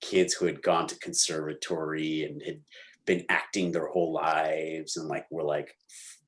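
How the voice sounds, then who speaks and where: A young adult man, an actor guest, telling lively stories in a casual interview and acting out what people said. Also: very deep voice, moderate pace. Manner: animated storyteller, slangy, acts out quotes.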